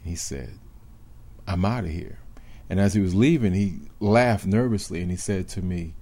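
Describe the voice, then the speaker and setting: Deep, mellow older man recounting his past. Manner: measured, deliberate, with reflective pauses. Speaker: former police officer telling his story. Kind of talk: personal storytelling in an interview.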